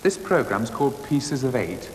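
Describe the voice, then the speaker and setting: A man leads a class of young children through percussion games, brisk and encouraging. His voice swings up and down a lot. It is heard on an old 1980s schools TV recording, with a long hall reverb and faint background hiss. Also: mid-range voice, very animated. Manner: encouraging, brisk teacher questions. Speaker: music presenter teaching a primary class. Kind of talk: classroom music lesson for schools TV.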